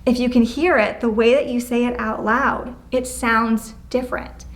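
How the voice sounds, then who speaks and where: Brisk, upbeat woman teaching a class. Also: fairly high pitch, fairly even intonation. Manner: brisk, encouraging, gives clear step-by-step directions; acts out example phrases with changing tone. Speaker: prevention educator leading a class. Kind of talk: classroom instruction. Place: school classroom, indoors.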